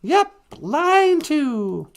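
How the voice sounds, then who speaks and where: A man voicing a sweet, cheerful young woman in a high, sing-song falsetto who calls people "sweetie". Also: very animated, very slow, gravelly, heavily acted.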